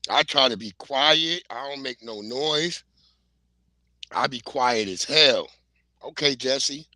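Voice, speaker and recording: A man's voice: medium pitch, lively intonation, slow, sharp tone, no room sound. A middle-aged man hosting a casual livestream, rambling through comic stories with lots of swearing and laughter. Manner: rambling comic storytelling, profane, laughing often. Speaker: livestream host.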